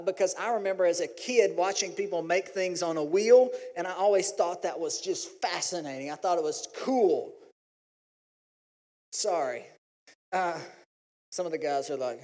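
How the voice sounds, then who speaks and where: A man, preaching a sermon in a folksy, animated way. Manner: folksy, animated storytelling, pitch jumps when acting out his family. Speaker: pastor. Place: church sanctuary. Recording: long hall reverb.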